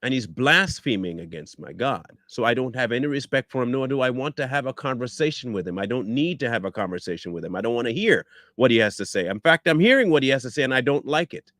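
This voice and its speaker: A scornful man delivers commentary with a voice that swoops up and down in pitch. He speaks bluntly, hammers his points with repeated rhetorical questions, and the recording is dry and close. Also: very animated, fast talker, few pauses, a bit bright, no room sound. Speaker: online commentator. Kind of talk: combative reaction commentary.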